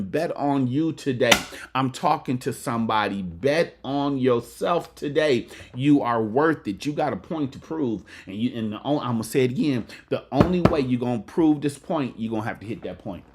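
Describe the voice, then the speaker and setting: Man preaching motivation, call-and-response, repeats lines, colloquial, mid-pitched. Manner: call-and-response, repeats lines for emphasis, says "amen" often; colloquial Southern Black church cadence with dice-game slang. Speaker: motivational speaker and pastor.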